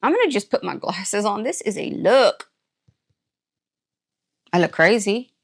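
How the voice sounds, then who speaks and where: On her channel, a woman reviews products, unboxing items while chatting with viewers in a playful, put-on rural drawl. Her medium-pitched voice is very animated, and she speaks at a measured pace.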